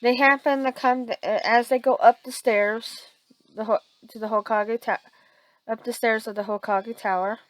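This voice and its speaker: A woman improvising a fan fiction story aloud, halting with many restarts and fillers. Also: fairly high pitch, steady tone, no echo, poor audio.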